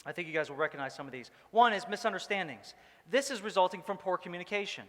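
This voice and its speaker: A man's voice: sits high, expressive, fast talker, big-room sound. A male pastor giving a casual, joking sermon, rambling with many fillers. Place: church hall.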